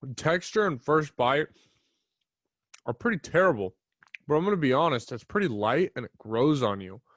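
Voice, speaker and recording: A young man rambling through a solo podcast segment in a relaxed, profane, offhand way. His voice sits at an ordinary middle pitch and sounds dry and close, with hardly any room around it. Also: normal speed, dry recording. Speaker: podcast host. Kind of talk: casual solo podcast chat. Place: small home studio. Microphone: desk mic in front of a camera.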